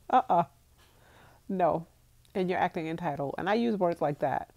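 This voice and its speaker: A woman's voice: on the low side, animated, normal speed, creaky, long pauses, dark tone. A woman in her thirties from the United States, chatting casually on a phone livestream, laughing often and answering viewer comments. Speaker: vlogger reading live chat.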